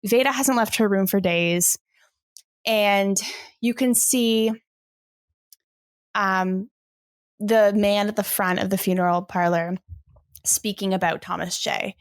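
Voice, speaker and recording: A woman's voice: mid-range voice, steady tone, slow, long pauses, no echo, studio quality. A woman in a casual podcast chat, retelling a film's sad scene with emotion and the odd swear word. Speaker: podcast guest.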